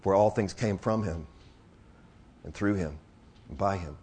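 A man preaching a sermon to his congregation, dropping to hushed, slow passages and building to loud, excited exclamations, repeating phrases for emphasis. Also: sits low, breathy edge.

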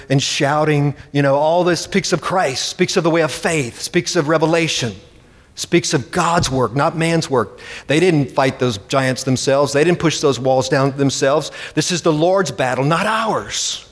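A man's voice: on the high side, unhurried. A man preaching a sermon with emphatic delivery, acting out the voices he quotes. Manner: emphatic, dramatic quoting. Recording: long reverb hall.

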